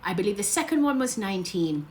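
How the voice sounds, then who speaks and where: A woman's voice: medium pitch, sing-song, fast talker, darkish tone, a little hiss or hum. Gushing, chatty woman vlogger. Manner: gushing, chatty, laughs often; rambling, loses her train of thought. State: emotional, close to tears. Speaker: travel vlogger. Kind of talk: casual livestream chat.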